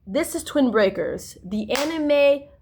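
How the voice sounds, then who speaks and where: A woman vlogging in a casual, rambling monologue, repeating herself insistently and swinging between loud bursts and near whispers. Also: sits high, expressive, slow, creaky, a little hiss or hum. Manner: frequent fillers and restarts.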